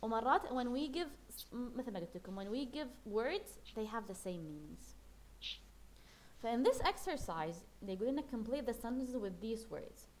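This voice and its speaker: A quick-speaking woman runs a classroom English lesson, switching freely between English and Arabic. She explains each word patiently, repeats it, and keeps checking that her students follow. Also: on the high side, sing-song, slight background noise. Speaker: English teacher.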